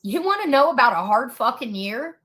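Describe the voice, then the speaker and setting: A woman tears into someone in a heated, expletive-filled rant. Her voice sits high and rings bright and sharp. She sounds fed up and furious throughout. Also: big pitch swings, moderate pace. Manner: furious, profane ranting. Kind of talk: angry rant.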